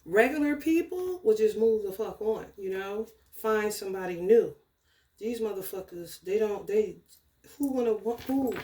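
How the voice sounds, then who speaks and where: A woman ranting casually in a spiritual vlog, profane and animated, breaking into laughter. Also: mid-range voice, moderate pace, echoey room. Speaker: spiritual tarot reader.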